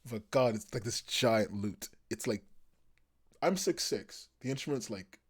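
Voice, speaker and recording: A male host in a relaxed online podcast, rambling from one joke to the next and laughing often. He talks casually over a video call. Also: lowish voice, a little slow, husky. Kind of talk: casual chat.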